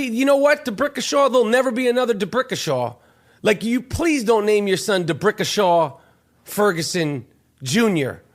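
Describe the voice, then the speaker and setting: Podcast host, New man, high and lively voice, comic rant full of cursing. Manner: loud, mocking, heavy cursing.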